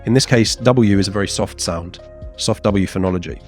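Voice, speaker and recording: A man in his thirties teaching a casual exam revision lesson, chatty and animated, slipping into playful voices for the quotes. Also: low voice, normal speed, soft background music.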